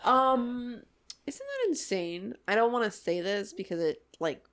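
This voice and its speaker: A young adult woman co-hosting a podcast in casual chat, animated and swearing casually, often laughing. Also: a little high, measured pace. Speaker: podcast co-host.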